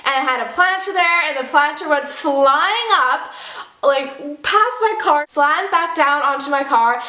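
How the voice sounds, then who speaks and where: Young woman vlogger, high and bright, dramatic storyteller, echoey room. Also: a little slow. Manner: animated and dramatic, acting out quotes. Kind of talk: storytime vlog.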